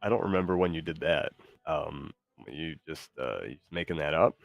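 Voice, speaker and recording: Rambling excitable male streamer, very deep voice, dry mic. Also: moderate pace, creaky, dry recording. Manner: excitable, rambling, loud bursts. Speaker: streamer host. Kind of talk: casual livestream chat.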